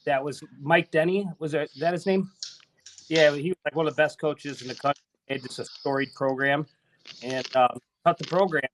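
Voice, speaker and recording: A man's voice: on the high side, steady tone, moderate pace, fairly bright tone, slight background noise. A man co-hosting a podcast in casual chat, talking in a rambling way and correcting himself as he goes. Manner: rambling and chatty, self-correcting. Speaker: podcast co-host.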